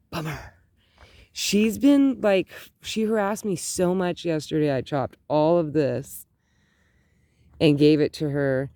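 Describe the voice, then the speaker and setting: A woman's voice: low-pitched, slow pace, dark tone, no room sound, clean studio sound. A middle-aged woman chatting casually in her garden as she films, rambling with lots of "like". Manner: rambling, says "like" often. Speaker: gardening vlogger. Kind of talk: casual vlog chat. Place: outdoor garden.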